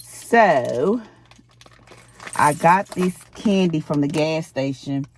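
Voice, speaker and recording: A woman's voice: sits low, lively intonation, takes it slowly, a little hiss or hum. A woman, talking casually to her vlog audience and venting emphatically, repeating herself. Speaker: vlogger. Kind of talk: casual vlog talk to camera. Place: parked in her truck.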